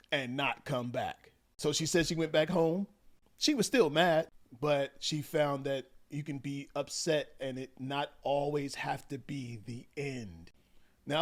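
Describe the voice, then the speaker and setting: A man giving relationship advice to viewers, retelling a story animatedly and acting out the quotes. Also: fairly high pitch. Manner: animated, acts out quotes, addresses viewers as y'all. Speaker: relationship coach. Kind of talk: commentary vlog.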